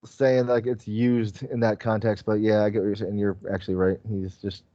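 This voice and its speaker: A man with a mellow, relaxed voice chats on a podcast, wandering through his thoughts and packing his sentences with fillers. The sound is dry and dull, close to a home mic. He keeps a middle pitch throughout. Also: normal speed, dry recording. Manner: rambling, many fillers like "like" and "um". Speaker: podcast co-host. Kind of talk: casual chat.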